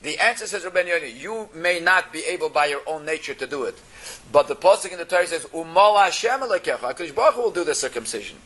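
Bright-voiced man teaching a Torah class. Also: a little high, expressive, fast. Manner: reads Hebrew phrases then translates into English; explanatory, asks rhetorical questions. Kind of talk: text-based religious class.

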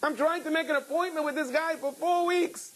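A man's voice: fairly high pitch, big pitch swings, fairly quick, husky, rough recording. A man voicing a desperate middle-aged father who pleads in a raised, emotional voice. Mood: fervent.

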